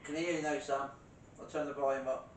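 A man's voice: little pitch movement, fast. A man with a British accent hosting a paranormal livestream, chatty and teasing, laughing often. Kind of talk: casual livestream chat. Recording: roomy, distant, faint rumble.

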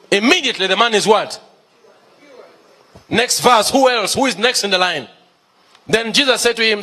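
A man's voice: sits high, bright, forceful tone. A male pastor preaching a sermon, emphatic, repeating key phrases and asking the congregation questions.

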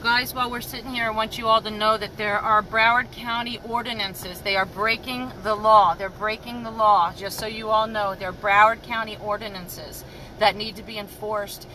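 A woman's voice: medium pitch, fairly even intonation, normal speed, pushed and bright, slight background noise, low-quality recording. A woman animal rescue activist speaking firmly and urgently to viewers in a live video.

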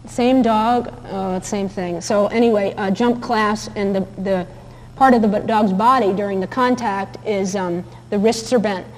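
A woman's voice: medium pitch, unhurried, long reverb tail, slight background noise, rough recording. A woman teaching about dog behavior in a chatty, anecdotal lecture, with many fillers and restarts. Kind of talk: recorded lecture with video clips.

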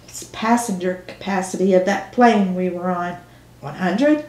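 A woman's voice: lowish voice, moderate pace, a little mellow, echoey room, natural voice, rough recording. A woman reading a book aloud, voicing an impatient man who grumbles. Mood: grumbling.

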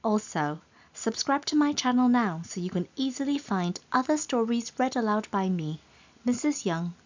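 A woman reading a children's story aloud in a slow, gentle, expressive way. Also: fairly high pitch, highs cut off.

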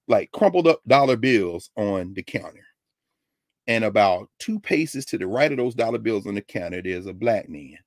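An older man from Tennessee telling a personal story in a lesson, animated and acting out the people he quotes. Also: lowish voice, no echo, studio quality. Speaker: lecturer.

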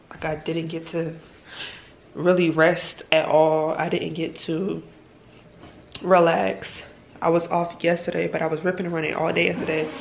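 A woman's voice: fairly low pitch, gravelly. A woman, venting in a casual vlog about being exhausted before a trip. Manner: tired, venting and exasperated. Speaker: vlogger and hairstylist. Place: in a car, then at home. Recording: noisy phone recording.

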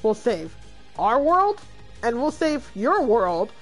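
Excitable woman streamer, lively pitch. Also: slow pace, faint music behind. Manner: excitable, exclaims and laughs often. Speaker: let's play streamer. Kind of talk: gaming commentary.

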